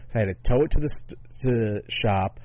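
Low-voiced man, rambling and profane. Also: darkish tone, dull audio. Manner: rambling, profane, halting restarts. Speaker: podcast co-host. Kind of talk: casual chat.

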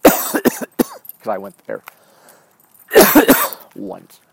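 A man's voice: fairly low pitch, huge pitch swings, extremely slow, gravelly, fairly bright tone, breathy edge, no room sound. A man in his forties hosting his own show, talking in a rambling, profane casual monologue while walking a dog. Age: 40s. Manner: rambling, profane, wanders off track. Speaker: show host.

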